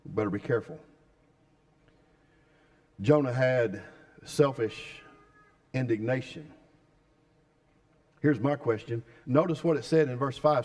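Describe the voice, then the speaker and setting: A man's voice: medium pitch, slow, long pauses, a little mellow. Emphatic man preaching a sermon. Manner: emphatic, questioning the congregation. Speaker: pastor.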